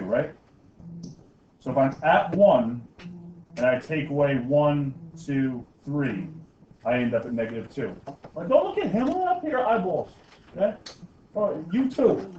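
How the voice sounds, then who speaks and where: A man's voice: medium pitch, darkish tone, far from the mic, a little hiss or hum. A man teaching a math class, joking with students and checking in with "okay?" and "right?" after almost every step. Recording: echoey, dull classroom recording from afar.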